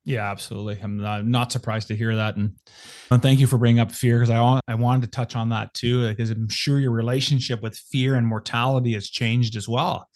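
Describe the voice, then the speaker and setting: A man's voice: medium pitch, fairly even intonation, fairly quick, darkish tone. A man hosting a podcast interview, affirming his guest and leading into a question in an encouraging way. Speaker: podcast host.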